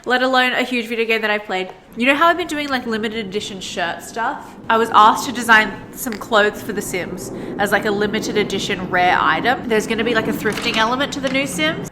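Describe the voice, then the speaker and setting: Young woman rambling away while she draws at her desk, really bright voice, lots of "like"s, bit of faint background noise. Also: medium pitch. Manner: chatty, rambling, many "like" fillers. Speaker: illustrator and vlogger. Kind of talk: casual sketch-and-chat monologue. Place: home desk by a sunny window.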